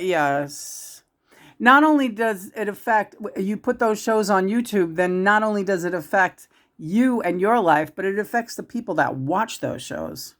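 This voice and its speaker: A woman in a loose, rambling monologue about spiritual matters, speaking as a psychic channeler. Her voice sits at an ordinary middle pitch. She restarts her sentences often and jumps between loud, emphatic phrases and soft, dropped asides. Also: unhurried. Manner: meandering, with many restarts and sudden swings between loud and hushed.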